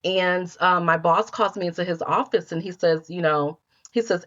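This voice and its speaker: A middle-aged woman with a fairly low voice tells her story as a podcast guest. She leans into it, acting out her past thoughts and playing up the moments. The audio sounds a little dull and lo-fi. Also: moderate pace. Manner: animated, acts out her own past thoughts in quotes. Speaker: guest, healer and life coach.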